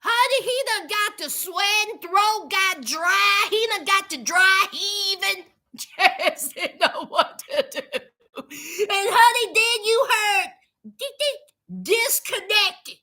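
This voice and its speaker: A woman's voice: very high voice, takes it slowly, pushed and bright. A woman hosting a comedic reality show recap, sassy and chatty, talking straight to her viewers.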